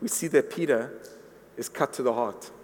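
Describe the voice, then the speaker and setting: A man's voice: medium pitch, moderate pace, darkish tone. A man preaching a sermon to his congregation, earnest, often repeating words as he builds a point. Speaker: pastor. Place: church hall. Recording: long reverb of a large hall.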